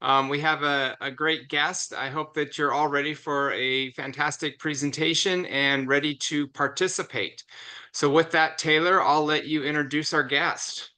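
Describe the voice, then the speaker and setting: A man opens an online meeting in a friendly way, pausing on a few fillers as he goes. His voice is very bright, slightly higher than usual, and smooth, heard through a video call. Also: steady tone. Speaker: meeting host.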